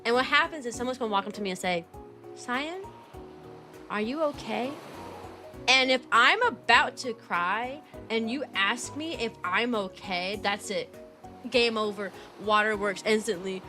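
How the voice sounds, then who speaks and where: A young woman talks in a casual, rambling way, full of fillers and restarts. Her voice is bright and clear, and it leaps upward now and then. Soft music plays faintly in the background. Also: normal speed. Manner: rambling, filler-heavy storytelling with sudden high-pitched jumps. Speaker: VTuber streamer and kindergarten teacher. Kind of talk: casual chat stream.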